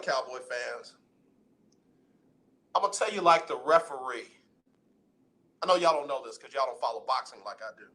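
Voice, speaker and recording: A man hosting a radio talk show, delivering an animated, preachy sports monologue in colloquial speech. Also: medium pitch. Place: radio studio.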